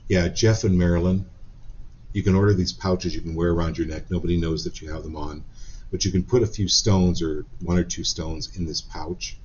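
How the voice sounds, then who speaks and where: A man hosting a live-stream card reading, talking gently and encouragingly with frequent ums and restarts. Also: low-pitched, fairly even intonation, moderate pace, dull audio. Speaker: psychic card reader.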